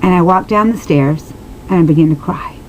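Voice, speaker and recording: A woman's voice: fairly low pitch, moderate pace, slight background noise, low-quality recording. A woman telling a personal story straight to her viewers, earnest and emotional, rambling with many restarts and asides. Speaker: vlogger answering viewers.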